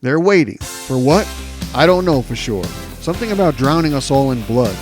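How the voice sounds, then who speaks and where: A man's voice: medium pitch, animated, normal speed, faint music behind. A man hosting a talk show, delivering sarcastic, mocking political commentary. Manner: mocking, scornful.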